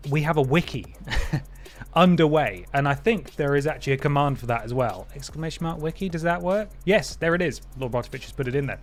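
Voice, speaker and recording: A man hosting a game livestream, chatting wryly and thanking viewers. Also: mid-range voice. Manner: chatty and wry, with playful voice jumps. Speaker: livestream host. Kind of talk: casual stream chat, thanking viewers.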